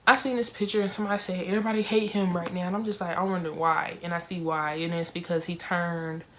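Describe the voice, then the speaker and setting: A young woman casually reviewing a film for her viewers, talking in an emotional, expressive way with lots of fillers. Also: on the low side, a little hiss or hum.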